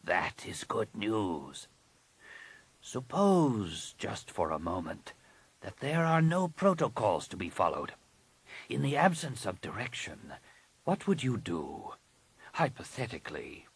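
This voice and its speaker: A man voicing a cold, scheming alien woman, a master shaper, with a measured, partly whispered delivery in an audiobook reading. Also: fairly low pitch, sing-song, husky, exaggerated voice. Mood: calm, probing. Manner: measured and commanding.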